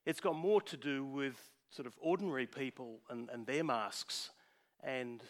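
A man's voice: medium pitch, a little slow. A man giving a conversational sermon, with frequent fillers and restarts. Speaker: preacher.

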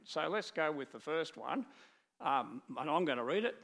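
A middle-aged man preaching with slides, talking in a lively way with many restarts and acted quotes. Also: on the high side, normal speed, creaky. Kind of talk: sermon with slides.

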